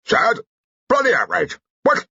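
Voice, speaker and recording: A man's voice: high voice, big pitch swings, measured pace, creaky, pushed and bright, breathy edge, dry recording, dull audio, pitched above the performer's own voice, exaggerated voice. A man voicing an enraged older husband, barking short questions at his wife. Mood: outraged. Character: bloodshot furious older husband.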